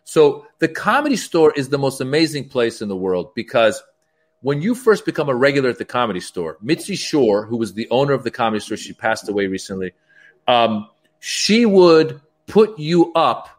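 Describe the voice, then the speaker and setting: A stand-up comedian telling stories as a guest, acting out the dialogue in raised voices. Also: male voice, medium pitch, moderate pace. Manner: animated, acts out quoted dialogue in raised voices. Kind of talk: storytelling as a podcast guest.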